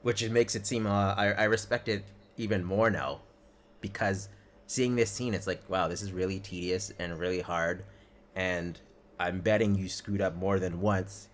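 A man with a fairly low voice co-hosts a casual podcast, laid-back and chatty as he walks through scenes at length. Now and then he slips into quoted lines. A faint hiss sits behind him. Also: fairly even intonation, normal speed. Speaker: podcast co-host.

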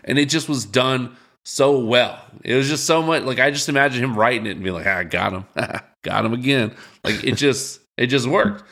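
A man's voice: mid-range voice, normal speed, few pauses, fairly bright tone. A young man hosting a podcast, laid-back and joking in casual chat. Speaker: podcast host.

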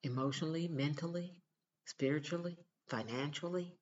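A woman's voice: low voice, normal speed, a little mellow, lo-fi sound, a little hiss or hum. A mother talking straight to her viewers in a casual vlog, earnest, emphatic and direct. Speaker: mother giving relationship advice.

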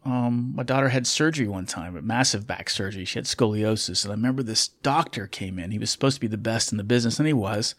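A man's voice: fairly low pitch, fast talker, few pauses, a bit bright. A middle-aged man, a former military officer turned pilot, telling a story in a candid, reflective way with fillers and restarts. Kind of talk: casual storytelling.

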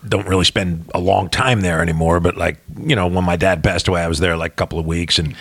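A middle-aged man from New Jersey with a faint Kentucky twang, co-hosting a casual podcast and telling stories with lively, salty asides. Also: sits low, fast talker, no room sound. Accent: New Jersey with slight Kentucky. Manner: animated storyteller, swears freely. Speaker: podcast co-host. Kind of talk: casual chat.

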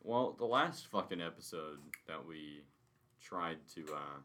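A man's voice: low voice, lively intonation, measured pace, bright, forceful tone, a little hiss or hum. A young man co-hosting a crude podcast, swearing, joking and laughing often. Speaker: podcast co-host. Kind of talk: crude casual podcast chat.

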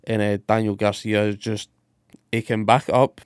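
A man's voice: lowish voice, little pitch movement, normal speed, smooth, no echo, clean studio sound. A man, co-hosting a casual podcast and rambling with sweary enthusiasm. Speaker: podcast co-host. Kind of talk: casual wrestling podcast chat.

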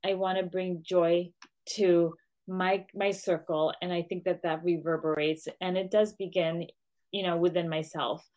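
A woman's voice: fairly low pitch, level tone, a little slow, darkish tone. Earnest woman in casual podcast chat. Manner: emotional, earnest, with restarts. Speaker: guest, business owner.

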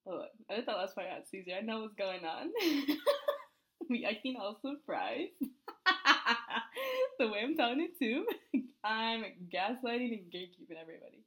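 A woman's voice: a little high, lively intonation, a little slow, pauses often, a bit bright. A woman podcast host recording blooper outtakes, flustered, laughing and restarting lines while apologizing to her editor. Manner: frequent laughter.

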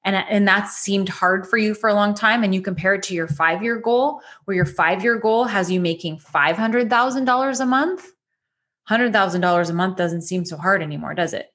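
A woman's voice: medium pitch, normal speed, a bit bright. A woman coach leading a goal-setting lesson, talking directly and encouragingly with many rhetorical questions.

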